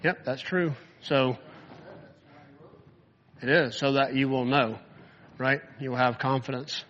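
A man teaching a Bible class in a loose, chatty way, peppering his talk with "like" as he tells stories. His voice sits at an ordinary middle pitch. It carries a long reverb from a hall and comes through on somewhat dull, muffled audio. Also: steady tone, slow pace, a bit bright. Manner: casual, lots of "like" fillers.

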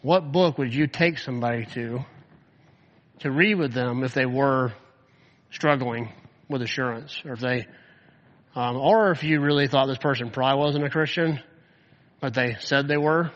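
A man's voice: mid-range voice, normal speed, pauses often. A man giving a conversational Bible lesson to a group, telling stories casually with lots of "like" fillers. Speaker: Bible teacher. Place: hall or classroom with an audience. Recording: dull audio, long room reverb.

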